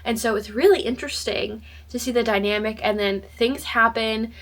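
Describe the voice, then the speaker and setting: A woman's voice: fairly high pitch, moderate pace, fairly bright tone. A young woman chatting casually in a book vlog, bubbly and rambling, with many fillers and restarts. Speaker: book vlogger. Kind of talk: casual chat.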